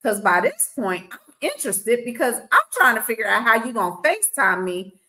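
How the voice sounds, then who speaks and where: Sassy woman storyteller, lively pitch swings, blunt, acts out dialogue. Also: normal speed, low-quality recording. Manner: animated, acts out both sides of conversations. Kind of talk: casual storytelling chat.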